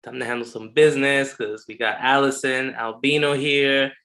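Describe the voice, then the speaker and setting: A man's voice: medium pitch, fairly even intonation, moderate pace, sharp tone. A man hosting a poetry reading on a video call, upbeat and chatty with casual slang. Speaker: host. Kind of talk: event hosting.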